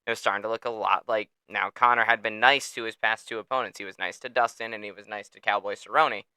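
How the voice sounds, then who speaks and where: Bright, crisp man telling a fight story. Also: fairly low pitch, quick pace, no echo. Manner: animated storytelling, swears freely and laughs often. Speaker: podcast host. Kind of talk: casual sports chat.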